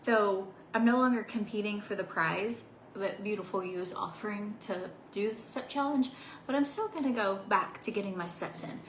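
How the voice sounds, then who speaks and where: A woman's voice: medium pitch, normal speed. A chatty woman in her thirties talks casually to her viewers, bubbly and rambling, with little laughs between thoughts. Her voice sits in a mid range and bounces around an echoey home office. A faint ambient hum stays under it. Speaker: vlogger. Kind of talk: casual chat to camera.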